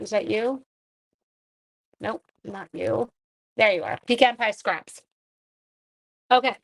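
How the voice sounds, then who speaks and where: A woman's voice: mid-range voice, gravelly. A woman hosting a live card-making tutorial from her home craft room, chatting casually with viewers and breaking off to talk to her dog.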